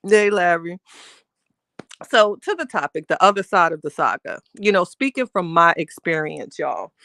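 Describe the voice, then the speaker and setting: A woman's voice: fairly low pitch, a bit bright, smooth, no room sound. A chatty middle-aged woman, hosting a casual live stream and greeting viewers with pet names. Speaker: livestream host greeting chat.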